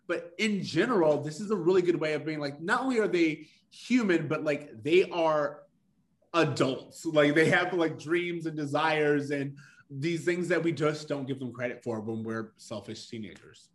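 A man in casual discussion on a podcast, talking in an enthusiastic, animated way. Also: fairly high pitch, moderate pace.

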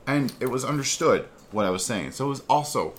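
A man's voice: mid-range voice, expressive, brisk, slight background noise. A man co-hosting a casual podcast, rambling and defensive as he banters. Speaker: podcast co-host.

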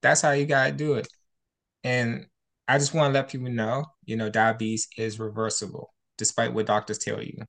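A co-host with a mid-pitched voice chats casually and speaks plainly. Jokey asides come in between the points. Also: flat delivery, normal speed, vocal fry, fairly bright tone. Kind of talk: casual chat.

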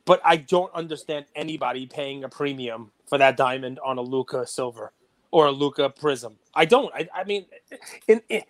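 A man co-hosting a podcast, talking casually and getting animated and worked up. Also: mid-range voice, moderate pace. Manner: animated, gets worked up and loud. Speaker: podcast co-host.

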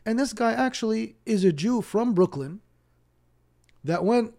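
Mellow, higher-voiced Palestinian-born imam. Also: male voice, unhurried, creaky. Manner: animated storyteller who acts out dialogue; repeats words as he restarts. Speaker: imam and podcast guest. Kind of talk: casual storytelling interview.

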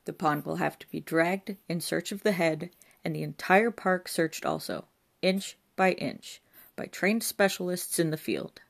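A woman reading the part of a stern, weary male police inspector who speaks with firm authority, in a low voice. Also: expressive, a little slow, creaky, full character voice.

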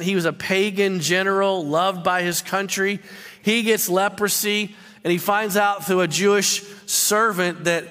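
This sermon comes from a pastor whose sharp-toned voice sits high. Emphatic throughout, he repeats and stumbles over words while stressing his points, and the recording carries a long hall reverb.

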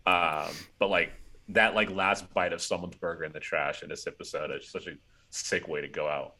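A man's voice: deep voice, steady tone, normal speed, bright, forceful tone. A man in casual podcast chat, rambling through a movie scene with lots of "like" fillers.

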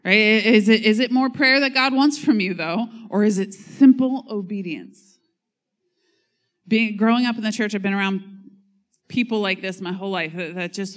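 A woman's voice: medium pitch, normal speed. A woman pastor preaching a sermon in a conversational way, reading scripture, acting out quotes and joking at her own expense. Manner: conversational, self-mocking humor; reads scripture and acts out quotes.

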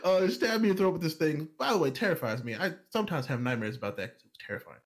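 A man casually telling a personal story on a podcast, animated, acting out other people's lines and laughing often. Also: on the high side, very fast.

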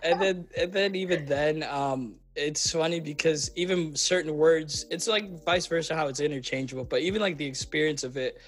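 A young man born in Kenya hosting a podcast, telling animated stories in a casual chat with lots of fillers. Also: a little high, normal speed, few pauses. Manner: animated storyteller, acts out quoted voices, frequent fillers. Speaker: podcast host.

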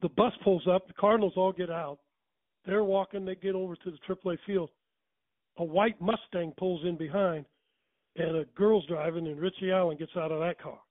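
A man's voice: sits high, steady tone, moderate pace, no echo. An older man rambling through folksy baseball stories in a casual way. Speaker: storyteller. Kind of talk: casual storytelling. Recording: tinny phone line.

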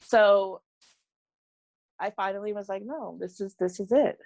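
A woman's voice: medium pitch, unhurried, vocal fry, no echo, muffled recording. A middle-aged woman, a former teacher, telling stories on a podcast and acting out the voices of the people in them. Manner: animated, acts out voices in her stories. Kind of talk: conversational storytelling.

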